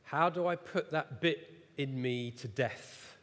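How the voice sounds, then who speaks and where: A thirty-something man with a medium-pitched voice preaches slowly in a church hall, where the reverb echoes. He's an animated, self-mocking storyteller, recounting a tale against himself and laughing at his failings.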